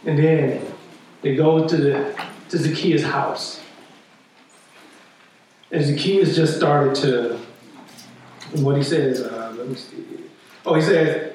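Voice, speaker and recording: Male pastor, high voice, chatty sermon delivery with constant check-ins; distant mic in a boomy sanctuary. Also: steady tone, slow, pauses often, a little mellow. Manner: conversational preaching, frequent "right?" asides. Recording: echoey hall, distant mic.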